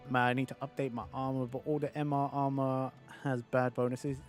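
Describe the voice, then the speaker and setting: A man's voice: mid-range voice, level tone, moderate pace, soft background music. A British man streaming a game in casual chat, rambling, swearing and answering his viewers.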